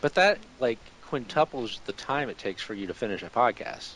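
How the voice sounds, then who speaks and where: A man joining a relaxed podcast conversation with an even, mid-pitched voice. He keeps a laid-back, deadpan delivery and chimes in with short replies. His tone stays easygoing and unhurried. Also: a little hiss or hum, low-quality recording. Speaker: podcast co-host. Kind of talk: casual chat.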